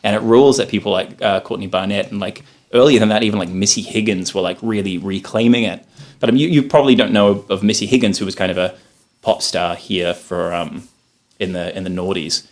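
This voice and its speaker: A lower-voiced man from New Zealand who speaks. He talks as a guest on a casual podcast, running long stretches of thought and swearing without a second thought. His pitch jumps up and down a lot. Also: brisk. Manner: animated and expressive, swears freely, talks in long run-on stretches. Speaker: podcast guest, filmmaker and musician. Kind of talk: casual chat.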